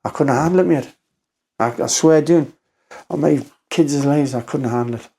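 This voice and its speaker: A middle-aged man, a former doorman telling an emotional story as a podcast guest. He is close to tears, halting and repetitive, and swears. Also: medium pitch, vocal fry, mellow, breathy edge. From North East England. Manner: halting, repeats himself, swears.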